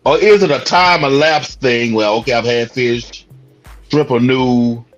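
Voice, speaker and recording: A man's voice: mid-range voice, a little slow, faint music behind. A man hosting a livestream, thinking aloud as he fumbles through his questions. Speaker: livestream host. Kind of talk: casual livestream interview. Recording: dull lo-fi stream audio.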